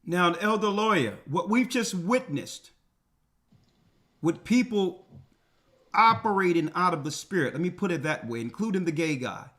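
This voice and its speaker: A man's voice: sits high, lively intonation, moderate pace, bright, forceful tone. A man, a church elder, hosting a commentary show and preaching emphatically to his co-host. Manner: emphatic, addresses co-host directly.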